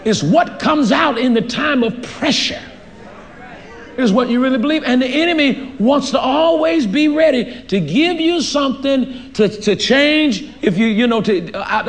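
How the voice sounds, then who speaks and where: A man pastor preaching a sermon, animated, acting out little dialogues and laughing often. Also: extremely high pitch, moderate pace.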